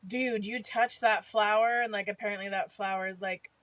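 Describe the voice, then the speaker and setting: A woman's voice: mid-range voice, steady tone, moderate pace, fairly bright tone, dry recording. A woman co-hosting a podcast, chatting casually with frequent laughs. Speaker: podcast co-host. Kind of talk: casual chat, book discussion.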